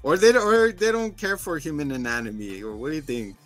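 Podcast co-host, male, bright tone, lively recap style with faint music behind. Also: a little high, a little fast. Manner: animated retelling, acting out characters' lines. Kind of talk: casual recap chat.

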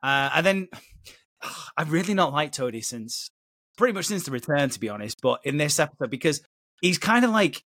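A man hosting a casual podcast chat, animated, laughing and swearing freely. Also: on the high side, fairly quick, no echo, studio quality. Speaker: podcast host. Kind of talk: casual chat recapping a soap episode.

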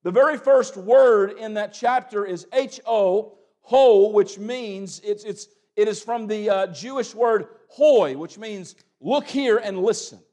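A young man preaching a sermon, breaking into loud calls between plain teaching and quick asides. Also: high-pitched.

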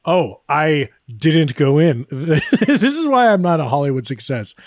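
Man, podcast co-host, casual chat, self-deprecating, laughing while talking, fairly high voice, dry close sound. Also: big pitch swings, measured pace, no echo. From Greek heritage.

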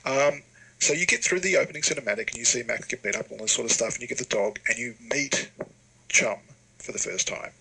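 A man's voice: mid-range voice, quick pace, a crowd in the background, low-quality recording. A man explaining at length in a casual podcast chat, with many fillers. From Australia.

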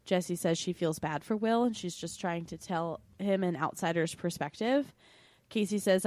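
A woman's voice: fairly low pitch, moderate pace, a little mellow, no room sound. A woman co-hosting a podcast, recapping episodes in casual chat and giving blunt, opinionated takes with casual swearing. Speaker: podcast co-host.

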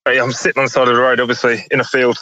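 A man's voice: mid-range voice, level tone, very fast, sharp tone, highs cut off, a little hiss or hum. A man from the south of England, calling in by phone from his parked car and chatting loosely with laughs and fillers. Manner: laughing, rambling, many fillers. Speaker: caller. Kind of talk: casual phone chat. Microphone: phone on speakerphone.

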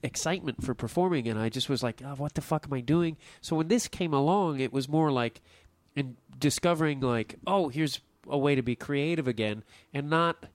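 A man's voice: a little high, normal speed, hardly any pauses, no echo. Stuffy-nosed, candid comedian man. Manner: candid, profane. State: stuffy nose. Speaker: comedian podcaster. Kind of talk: casual podcast chat.

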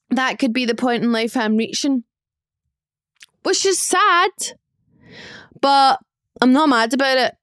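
A young woman in her twenties gives a casual solo podcast update about her life, chatty, excitable and quick to laugh at herself. Her voice sits a little high and sounds smooth and clear. The recording is close and dry, with no room sound. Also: no echo. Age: 20s. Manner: chatty, excitable, self-mocking. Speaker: podcast host.

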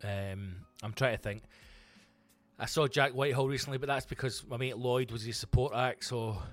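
A man's voice: medium pitch, steady tone, normal speed, no room sound, soft background music. A Scottish man, a comedian, chatting on his own podcast in a rambling, sweary way with lots of restarts. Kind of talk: casual solo podcast chat.

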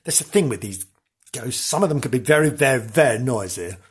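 A man doing a giggly, husky, hungover dotty woman. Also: medium pitch, expressive, fairly quick. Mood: dazed, giggly. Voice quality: giggly, rambling. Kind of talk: comic character monologue.

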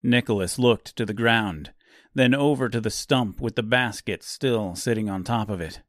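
A man narrating a dark fantasy audiobook in a slow, measured, grim way. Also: on the low side, dry recording, clean studio sound.

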